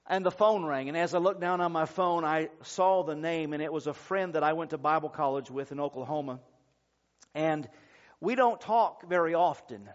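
A man preaching a sermon as pastor, telling a story in an earnest, measured way with drawn-out pauses. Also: on the high side. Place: church service. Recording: dull lo-fi sermon recording.

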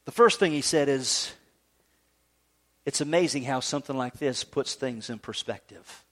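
A man preaching a sermon, swinging between emphatic high peaks and low, soft stretches. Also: moderate pace. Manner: animated preaching, rising to emphatic highs then dropping low and soft. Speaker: pastor.

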